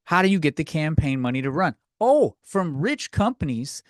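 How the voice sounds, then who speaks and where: A man's voice: a little high, sing-song, normal speed, dry recording, clean studio sound. A man hosting a solo comedy podcast, rambling from thought to thought and poking fun at himself. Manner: rambling, scattered, self-mocking. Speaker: podcast host.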